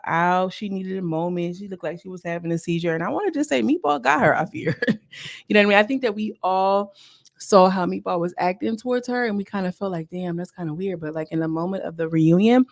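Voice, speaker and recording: A woman recaps a reality episode in a loose, chatty way, throwing in slangy asides to her viewers. Her voice has a gravelly fry and sits at an ordinary pitch. The sound is dry and close. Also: fast talker, dry recording. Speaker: reality TV reviewer. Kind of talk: casual recap commentary.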